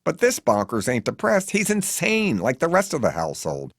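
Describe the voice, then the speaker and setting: A man narrating his own memoir as an audiobook in an animated, comic storytelling manner. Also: mid-range voice, moderate pace, dry recording, studio quality.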